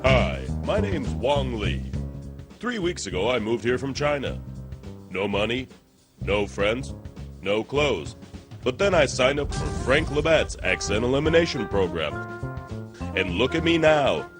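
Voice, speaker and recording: A man playing a boastful immigrant pitchman. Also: sing-song, music in the background. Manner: halting, broken phrasing, proud salesman pitch. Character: newly arrived male immigrant in a spoof ad, boastful. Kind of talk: comedy sketch spoof ad.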